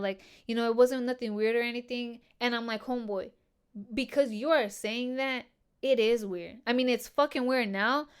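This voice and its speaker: A woman's voice: on the high side, clear, resonant tone. A young woman hosting a podcast, telling a story casually and bluntly, with lots of swearing and filler words. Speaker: podcast host.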